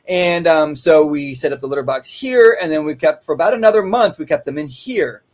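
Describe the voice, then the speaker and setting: A man's voice: a little high, lively intonation, brisk, a little mellow. A man who trains dogs, talking casually and rambling, often tagging his sentences with "right?". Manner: rambling, conversational, frequent "right?" asides. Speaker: dog trainer. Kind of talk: casual instructional talk. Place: kennel office.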